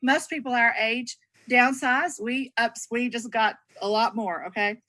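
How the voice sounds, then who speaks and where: A woman's voice: a little high, measured pace, pushed and bright, dry recording, poor audio. A woman in her sixties from Texas with a Southern drawl, a nurse chatting on a group call and telling stories with easy laughs. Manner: chatty, storytelling, laughs easily. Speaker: registered nurse sharing testimonial. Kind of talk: casual chat on a group call.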